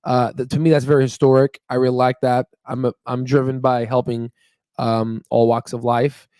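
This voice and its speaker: A man's voice: medium pitch, flat delivery, moderate pace, warm tone, smooth, no echo, studio quality. A young man hosting a stock market channel, chatting casually and rambling with fillers and laughs. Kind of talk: casual livestream chat. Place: staying in Memphis, Tennessee. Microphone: on Wi-Fi stream.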